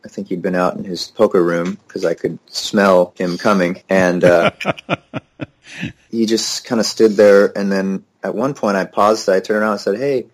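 A young man, a musician guest in an interview, telling stories in a relaxed, easygoing way and laughing easily. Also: sits low, unhurried. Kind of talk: casual interview conversation.

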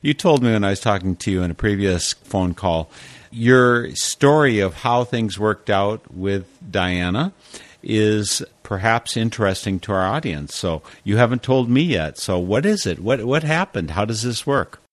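A man with a very low voice hosts a radio interview, introducing his guest and pointing listeners to a website. He speaks in a friendly, easy way, recorded dry and close. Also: animated, measured pace, no room sound. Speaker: radio host.

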